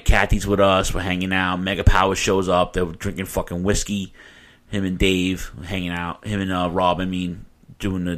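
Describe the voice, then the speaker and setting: A man with a somewhat low voice tells a rambling story in casual chat, swearing freely and getting animated. The talk is relaxed and conversational, like a co-host holding the floor. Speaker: podcast co-host telling a story.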